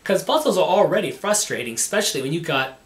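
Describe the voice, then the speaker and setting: A man casually talking about making his own film, halting and often repeating words as he restarts. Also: fairly high pitch, lively intonation. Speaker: amateur filmmaker. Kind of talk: casual behind-the-scenes talk. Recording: echoey room, mic at a distance.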